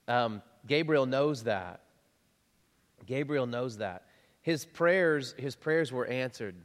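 A man preaching a conversational sermon, lively and chatty, chuckling often and repeating himself as he talks to the congregation. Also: mid-range voice, slow. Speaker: pastor. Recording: long reverb of a large hall.

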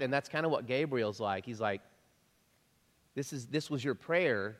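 A man preaching a conversational sermon, lively and chatty, chuckling often and repeating himself as he talks to the congregation. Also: medium pitch, unhurried. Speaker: pastor. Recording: long reverb of a large hall.

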